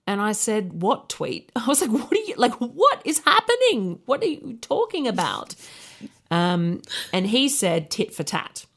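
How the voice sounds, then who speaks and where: A woman, co-hosting a podcast and telling a story in casual chat, candid and laughing often. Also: on the low side. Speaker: podcast co-host.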